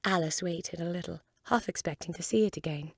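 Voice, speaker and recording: A woman reading a storybook aloud in a calm, measured way. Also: fairly low pitch, vocal fry, slightly rough, dry recording, clean studio sound. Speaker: volunteer reader.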